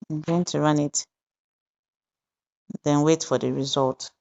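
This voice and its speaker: A woman hosting a software tutorial, explaining each step deliberately and pausing with fillers as she goes. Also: sits low, steady tone, creaky, lo-fi sound. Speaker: tutorial host. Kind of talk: screen-recorded software tutorial narration.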